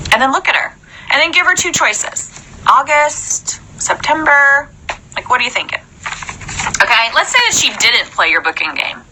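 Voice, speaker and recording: A young woman in a chatty, animated live-stream coaching talk, often checking in with "okay?". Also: high-pitched, normal speed, a little hiss or hum, rough recording. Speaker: sales trainer.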